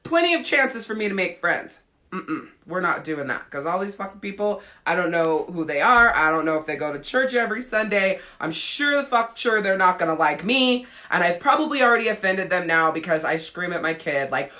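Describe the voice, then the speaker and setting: Brisk, pushed, and bright, with lively intonation, her voice sits on the low side. She's a podcast host and life coach in her thirties, casually telling a personal story in a frank, blunt, profane manner.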